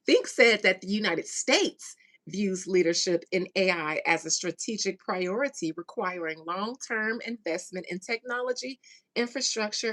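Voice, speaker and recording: A woman's voice: mid-range voice, fairly bright tone. A woman host giving a casual commentary rant to her viewers, sarcastic and slangy, leaning hard on key words. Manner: emphatic, sarcastic, drawn-out stresses on key words; loose slangy speech with mild profanity. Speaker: channel host.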